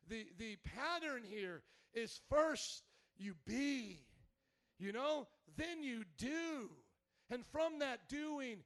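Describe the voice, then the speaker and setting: A man in his thirties preaching a sermon in church, swinging from soft, choked-up storytelling to loud, shouted exhortation. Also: creaky. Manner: preaching with big emotional swings, shouting high when fired up. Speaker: pastor. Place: church sanctuary.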